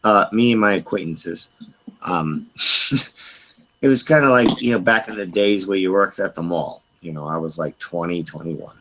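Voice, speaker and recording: A middle-aged man on an open group call, casually telling a long, profane, animated story with quoted voices. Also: sits low, normal speed, rough recording. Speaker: hangout participant.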